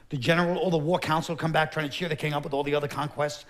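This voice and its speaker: A middle-aged man doing stand-up comedy on a theater stage, sardonic and deadpan with quick asides. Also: on the high side. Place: Broadway theater stage, live audience. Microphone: stage microphone.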